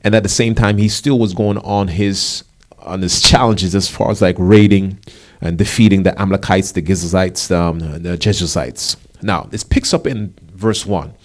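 A male pastor preaching a sermon, animated, with rising emphasis and casual asides. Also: low voice, moderate pace.

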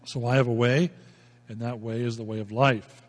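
A man's voice: medium pitch, fairly even intonation, moderate pace, long reverb tail. A male pastor preaching a folksy, emphatic sermon, repeating himself as he explains scripture.

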